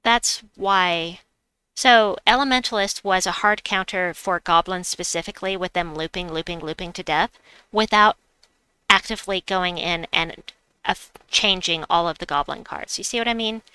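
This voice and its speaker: Bright, crisp-voiced woman streamer. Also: lowish voice, moderate pace, no echo. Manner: chatty, giggly, self-mocking. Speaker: livestream gamer host. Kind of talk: casual live-stream chat, reading chat aloud.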